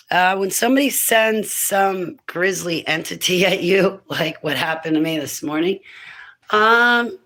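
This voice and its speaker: A woman in her fifties who speaks on spiritual warfare gives a loose, rambling, casual monologue about faith, slipping into laughter and emphatic preaching. Her voice is on the low side with a fairly bright tone, and the recording quality is low.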